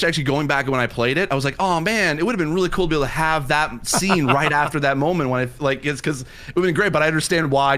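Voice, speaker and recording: A man hosting a livestream, telling a personal story in a casual way and acting out his own excited reactions. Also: medium pitch. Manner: animated retelling that acts out his own past reactions. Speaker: livestream host.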